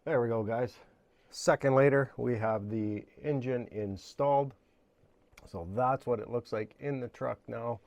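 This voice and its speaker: A man hosting a hobby channel, explaining a model build in a casual, rambling way with lots of fillers, his voice a little hoarse. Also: medium pitch, a little slow, darkish tone, dry recording. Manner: rambling, many fillers and restarts. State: slightly hoarse, losing his voice. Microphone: camera mic, at times handheld camera.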